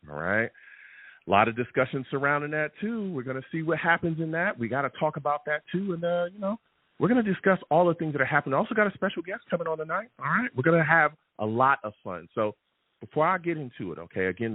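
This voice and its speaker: Chatty sports host on a tinny line. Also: male voice, fairly high pitch, dry recording. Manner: animated and chatty, repeats "okay?" and "all right?" often. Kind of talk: live call-in fan show monologue. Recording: tinny phone-like sound.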